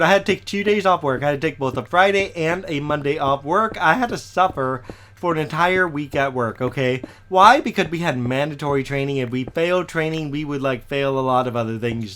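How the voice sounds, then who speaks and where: A man with a somewhat high voice that is slightly hoarse from a lingering cough. He rambles casually while he plays, narrating what he is doing. He keeps checking in with listeners through "okay?" tag questions. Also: fairly bright tone, a little hiss or hum. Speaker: Minecraft let's player. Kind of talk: casual gameplay commentary.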